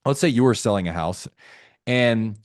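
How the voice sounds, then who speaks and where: Animated man leading a sales training. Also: fairly low pitch, normal speed, dry recording, clean studio sound. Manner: energetic, animated, addresses audience directly. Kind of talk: live online sales training.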